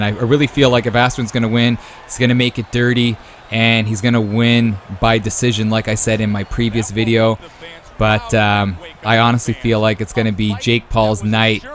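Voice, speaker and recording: A man calls a simulated boxing match from a video game in a loose, chatty play-by-play. He breaks into loud exclamations when the punches land and peppers his talk with "man" and "brother.". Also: fairly low pitch. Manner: excitable, jumps to loud exclamations at big moments; casual, says "man" and "brother". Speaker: YouTube sports host.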